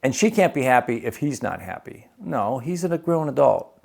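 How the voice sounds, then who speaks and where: Man, middle-aged, gravelly, dark-toned, chatty, asks the viewer questions, doctor hosting his show. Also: medium pitch, big pitch swings, moderate pace. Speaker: physician and show host. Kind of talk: casual on-camera talk.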